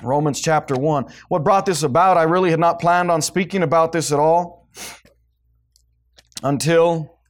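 A fiery male preacher with a notably high-pitched voice. He delivers a sermon to his congregation, pressing hard on some lines and dropping low and quiet on others. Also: moderate pace, pauses often. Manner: fiery preaching, swings between loud and hushed. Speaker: pastor.

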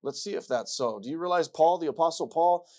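A man preaching a sermon, repeating himself and rising from quiet passages to loud ones. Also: a little high, fairly quick.

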